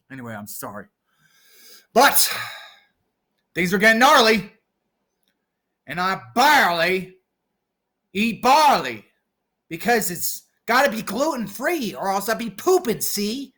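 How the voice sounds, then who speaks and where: High, bright-voiced man freestyling. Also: very animated, slow pace, pauses often. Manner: rambling, silly, bursts into shouts. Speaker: vlogger. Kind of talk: off-the-cuff freestyle rapping and rambling.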